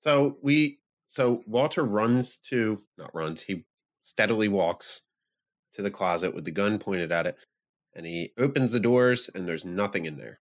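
A man co-hosting a podcast, walking through the plot in a low-ish voice. He is lively and laughs easily, in casual banter with his friends. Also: measured pace. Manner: animated, laughs often, recaps the plot. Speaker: podcast co-host. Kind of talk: casual chat recapping a film.

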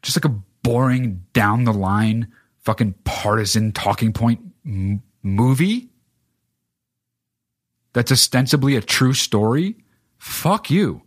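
A man's voice: medium pitch, takes it slowly, no room sound, clean studio sound. A man hosting a solo podcast, ranting casually about films in a profane, rambling way with lots of filler words. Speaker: podcast host. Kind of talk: casual solo film rant.

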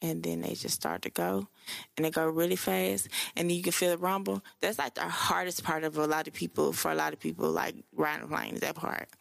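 Young woman, solo podcast host; casual, profane, slangy delivery, low gravelly voice. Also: a little fast, no room sound. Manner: loose, profane and chatty, with slang and fillers.

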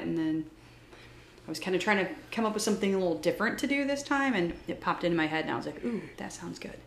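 Woman, podcast host, chatty, lowish voice, echoey room. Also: fairly bright tone, a little hiss or hum. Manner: chatty, reads facts from notes. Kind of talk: casual podcast chat.

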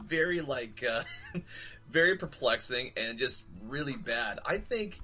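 A man co-hosting a podcast, recounting a story in an animated, amused way. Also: medium pitch, takes it slowly. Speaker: podcast co-host. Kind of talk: casual chat.

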